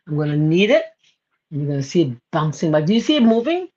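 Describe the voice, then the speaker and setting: A woman's voice: sits low, big pitch swings, quick pace, warm tone. Bahamian woman, home cook host, casual and chatty, muffled livestream audio. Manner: chatty, laughs often, greets viewers by name. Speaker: cooking show host. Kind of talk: casual live cooking demo.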